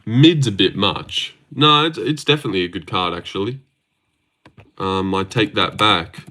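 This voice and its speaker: A man with an Australian accent talks through a livestream in loose, rambling chat, answering viewers as he goes. His voice is bright and forward. He is blunt and swears freely. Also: medium pitch. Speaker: MMA predictions livestreamer. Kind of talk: casual livestream chat reading viewer comments.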